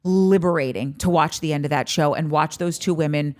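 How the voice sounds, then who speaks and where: A woman's voice: sits low, fairly quick. A woman hosting a podcast, chatting casually and animatedly, swearing freely and breaking into acted-out quotes. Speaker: podcast host. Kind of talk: casual commentary on a reality show.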